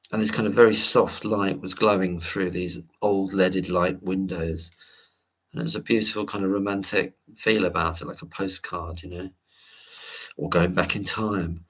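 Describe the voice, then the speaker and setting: A man's voice: low voice, steady tone, moderate pace, pushed and bright, breathy edge. A man hosting a late-night livestream, rambling casually and reading viewer comments aloud. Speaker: livestream host.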